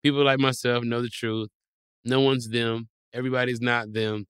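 Animated man spinning playful theories. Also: mid-range voice, moderate pace, clean tone, dry recording, clean studio sound. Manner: animated, playful storytelling with exaggerated quoted voices. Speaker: guest. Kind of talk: casual comedic conversation.

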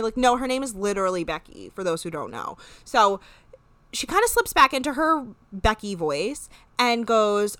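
A woman in casual chat, recapping a reality show with animated retellings and free swearing. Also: fairly high pitch, measured pace, clear, resonant tone, dry recording. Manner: animated, swears freely, acts out quoted lines. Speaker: podcast co-host.

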